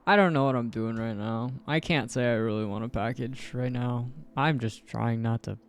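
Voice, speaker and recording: A man's voice: medium pitch, moderate pace, clear, resonant tone. A man giving casual let's-play commentary, thinking aloud, rambling and self-deprecating, often laughing at himself. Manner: thinks aloud while playing. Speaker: gameplay streamer.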